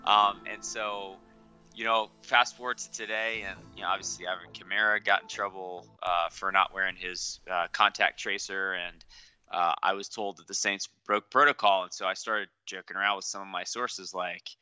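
A man co-hosting a podcast over a remote call, telling a rambling story with halting restarts. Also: deep voice, steady tone, pushed and bright, clean tone, no echo, muffled recording, soft background music. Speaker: podcast co-host. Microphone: remote call setup.

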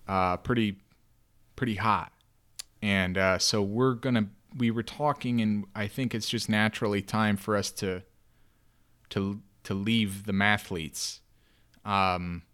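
A man's voice: lowish voice, steady tone, slow pace, fairly bright tone, smooth. A man improvising a teenage boy mathlete who hesitantly announces he is leaving the team. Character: teen boy mathlete who got hot. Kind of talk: improv scene.

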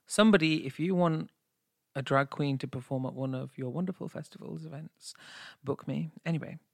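A man's voice: fairly high pitch, normal speed, creaky, no echo. A man co-hosting a podcast, chatting in a camp, playful, teasing way into a studio microphone. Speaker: podcast co-host. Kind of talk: casual chat.

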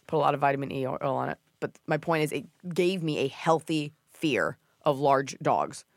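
A woman's voice: sits low, lively intonation, moderate pace, no echo, clean studio sound. A woman hosting a podcast, chatting casually and joking, often dropping into mock voices. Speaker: podcast host. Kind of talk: comedic casual chat.

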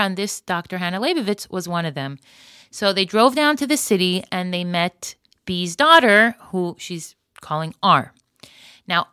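Woman podcast host, earnest emotional storyteller, bright tone, dry close recording. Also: medium pitch, clear, resonant tone, no room sound. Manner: earnest, emotional retelling with Hebrew and Yiddish words.

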